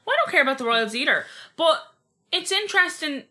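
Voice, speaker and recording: Brief: young woman, fairly high bright voice, blunt and animated podcast co-host. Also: quick pace. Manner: blunt, swears freely, animated storytelling. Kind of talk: casual chat.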